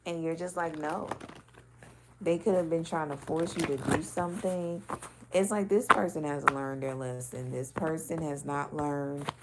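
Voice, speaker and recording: A woman's voice: sits low, normal speed, heavy background noise. A woman giving a casual intuitive reading, talking loosely and bluntly with swearing and many filler words. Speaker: spiritual card reader.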